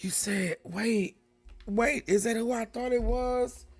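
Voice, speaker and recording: A woman hosting a live reaction stream, talking casually and breaking into loud, excited exclamations. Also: a little high, slow pace, faint music behind.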